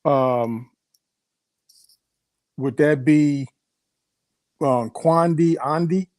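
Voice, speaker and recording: A man taking part as a student in an online language class, speaking in halting phrases full of fillers. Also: a little high, darkish tone, dry recording.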